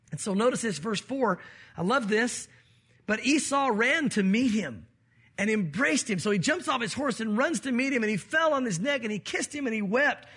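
A man's voice: high-pitched, fairly bright tone, slightly rough. A man preaching a sermon, explaining scripture and acting out the quoted voices of the people in the story. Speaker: pastor.

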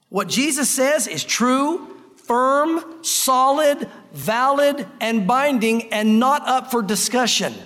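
A man preaching in a high, bright-pitched voice, hammering points home with repetition. His conversational sermon rings out with a long reverb tail, as in a large hall. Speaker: pastor.

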